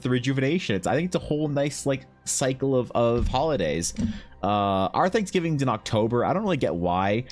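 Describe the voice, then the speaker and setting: A young Canadian man streaming, chatting loosely and profanely while answering his chat. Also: medium pitch. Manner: rambling, loose and profane, reads chat aloud. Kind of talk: casual chat while drawing.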